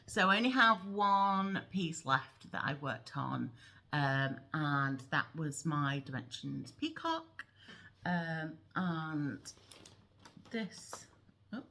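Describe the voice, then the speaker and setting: Chatty low-voiced woman vlogger. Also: very animated, slow, bright, forceful tone. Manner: chatty, rambling, many ums. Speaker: cross-stitch vlogger. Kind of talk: casual show-and-tell chat. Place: at home.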